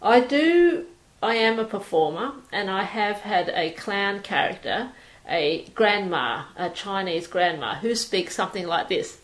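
Slow, relaxed Australian woman. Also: mid-range voice, poor audio. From Sydney, Australia. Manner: relaxed, hesitant with fillers and restarts. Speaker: performer reading a passage and talking about herself. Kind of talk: reading aloud, then casual personal talk.

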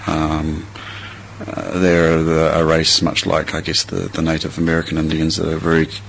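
Deep, flat-voiced New Zealand man. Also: normal speed, vocal fry, slight background noise, poor audio. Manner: relaxed, rambling, many fillers and restarts. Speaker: interviewee. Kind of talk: reading a passage, then casual chat.

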